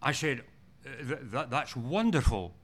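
A man's voice: mid-range voice, big pitch swings, unhurried, a bit bright. A man preaching a sermon, telling personal stories earnestly and often restarting his words.

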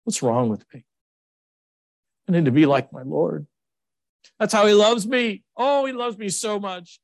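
Pastor guy telling stories in a sermon, voice jumps way up when he gets excited, dry close mic. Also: measured pace, gravelly, no echo. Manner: animated storytelling, jumps to high excited pitch.

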